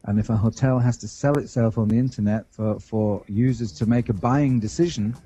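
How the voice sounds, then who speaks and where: A man's voice: fairly low pitch, fairly even intonation, brisk, dark tone, husky. A man as a podcast guest, explaining his work in an earnest, thoughtful way. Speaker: podcast guest, web designer. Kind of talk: casual interview.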